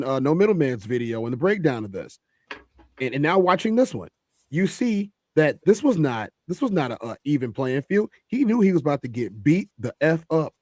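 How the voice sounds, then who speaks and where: A man's voice: medium pitch, darkish tone, dry recording. A man hosting a reaction commentary, emphatic and repeating phrases for effect. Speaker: host.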